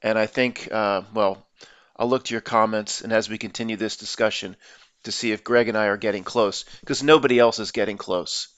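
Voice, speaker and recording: A man's voice: fairly low pitch, fairly even intonation, brisk, fairly bright tone, no room sound, muffled recording. A man giving casual video commentary in an earnest, emphatic way, laying out a theory.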